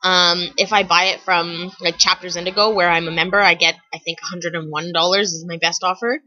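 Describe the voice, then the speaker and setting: A woman's voice: fairly low pitch, level tone, fairly quick, bright, forceful tone, lo-fi sound. A young woman telling funny stories to camera in a chatty vlog, with lots of fillers and restarts. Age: young adult. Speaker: vlogger. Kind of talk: casual storytelling to camera.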